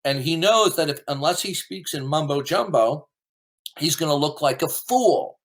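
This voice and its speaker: A combative man hosting an online debate, his voice sitting a little high for a man. He argues in a dismissive, repetitive way, doubling words as he pushes each point. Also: expressive, moderate pace. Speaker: debate host. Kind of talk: heated debate commentary.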